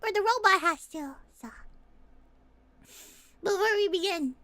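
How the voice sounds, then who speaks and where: Very high, bright-voiced excitable woman streamer. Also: measured pace, no room sound. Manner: excitable, swears a lot, bursts into shouting and laughter. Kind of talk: casual livestream chat.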